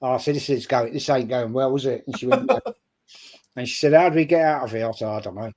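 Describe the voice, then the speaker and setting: An older man from England, a guest on a stream, tells a casual story over a video call, swearing a lot and acting out the people he quotes. His mid-range voice is a little mellow and a little fast, with lively intonation.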